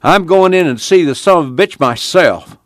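A man's voice: lowish voice, steady tone, moderate pace, no room sound, studio quality, lightly acted. A man voicing an angry, belligerent grown farmer in an audiobook reading. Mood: furious. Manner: shouting, belligerent.

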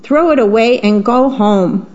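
A flock of taunting little robins, as a woman reads them aloud, jeers in a high, scornful voice. Their lines come slowly. The recording has a slightly dull radio tone. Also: darkish tone, lightly acted. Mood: mocking. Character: mocking flock of small robins.

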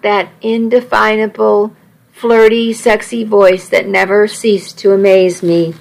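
Woman narrator, unhurried, gravelly, wry first-person storytelling. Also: medium pitch, fairly even intonation, rough recording. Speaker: audiobook narrator.

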